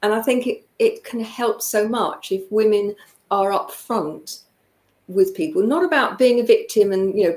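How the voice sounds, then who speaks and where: A woman hosting a conversation, talking in a thoughtful, measured way. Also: medium pitch, darkish tone. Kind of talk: casual conversation. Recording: roomy echo.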